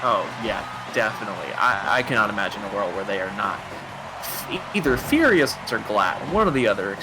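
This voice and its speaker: A man calling wrestling play-by-play live, excitable and quick to laugh, his voice jumping up on big moves. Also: lowish voice, music in the background. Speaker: play-by-play commentator.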